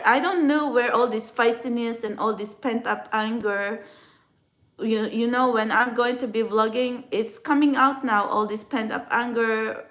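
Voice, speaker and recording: A spiritual vlogger, a woman whose first language is a Filipino dialect, tells her story in a personal vlog. Her high, slightly bright voice sounds emotional and halting as she rambles, restarts, and circles back on her thoughts.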